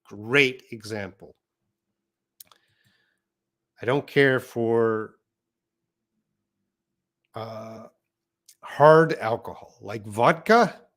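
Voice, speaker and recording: A man's voice: mid-range voice, drawn-out words, pauses often, a bit bright. A man teaching an English lesson on a live stream, reading out viewer comments and explaining patiently.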